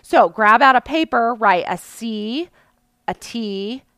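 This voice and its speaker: A woman's voice: on the high side, expressive, takes it slowly, fairly bright tone, smooth, no room sound. Earnest woman coach, dry close mic. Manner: earnest and explanatory, often checking in with "right?". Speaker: mindset coach. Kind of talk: motivational teaching talk.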